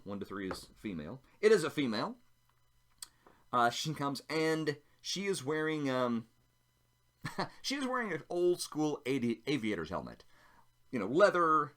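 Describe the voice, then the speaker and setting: A man's voice: medium pitch, fairly bright tone. A man narrating a solo tabletop role-playing game, chatting casually and thinking aloud as he rolls dice.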